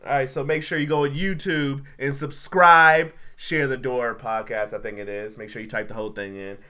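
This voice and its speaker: A man's voice: mid-range voice, steady tone, moderate pace, sharp tone. A man hosting a podcast in casual chat, blunt and opinionated, with slangy phrasing. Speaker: podcast host.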